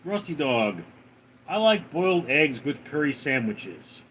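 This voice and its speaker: A man hosting a livestream, reading viewer comments aloud and answering them with dry, deadpan remarks. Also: fairly high pitch, unhurried, slight background noise. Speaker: livestream host reading chat.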